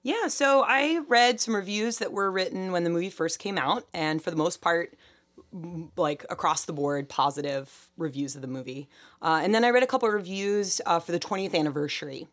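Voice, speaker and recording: A woman with a somewhat low voice talks through film reviews on a podcast. She chats casually, often pausing with fillers and reading quotes aloud. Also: animated, fairly bright tone. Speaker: podcast co-host. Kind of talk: casual chat.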